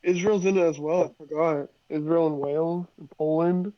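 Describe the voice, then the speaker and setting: Easygoing young dude chatting sports, muffled lo-fi sound. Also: male voice, a little high, fairly even intonation, moderate pace. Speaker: podcast co-host. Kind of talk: casual sports chat. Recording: dull lo-fi mic.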